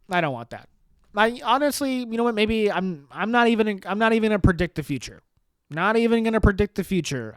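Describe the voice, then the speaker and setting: A man's voice: on the high side, no echo, studio quality. A man hosting a solo podcast, ranting in a profane, sarcastic, rambling way. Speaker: podcast host.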